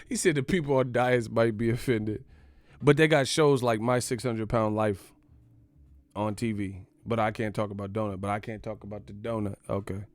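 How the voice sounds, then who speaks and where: A man's voice: fairly low pitch, normal speed, dry recording. A man hosting a boxing channel, ranting casually with profane jokes and rambling asides. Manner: profane, joking, rambling with laughs. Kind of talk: casual comedic rant.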